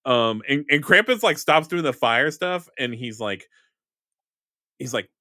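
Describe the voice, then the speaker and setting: Man, game master, rambling with fillers, bright tone, dry sound. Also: medium pitch, animated, unhurried, no echo. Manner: rambling, full of fillers and self-corrections. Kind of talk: narrating a tabletop game.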